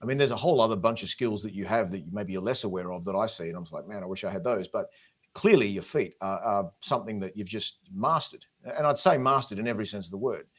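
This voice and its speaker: A man's voice: lowish voice, fast talker, breathy edge. A man with an Australian accent, a guest drummer giving earnest, encouraging advice in a casual chat. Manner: earnest, talks in long encouraging runs.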